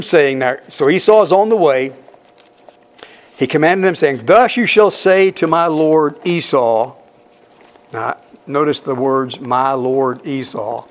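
A middle-aged male preacher delivering a verse-by-verse sermon in an unhurried, deliberate way. His voice sits a little above the usual male range, and he keeps turning to the congregation with questions in a conversational, emphatic tone. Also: fairly high pitch. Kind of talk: expository sermon.

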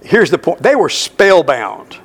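A male pastor preaching slowly through a Bible passage, stressing key words and repeating lines for emphasis. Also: fairly high pitch, sing-song, breathy edge. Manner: slow, emphatic Bible exposition. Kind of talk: sermon.

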